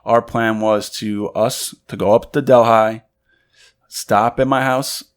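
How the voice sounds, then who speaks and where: This young man, a podcast co-host, has a lowish, clear, resonant voice and speaks slowly. He tells a relaxed story over cigars, animatedly imitating the voices of the characters he quotes.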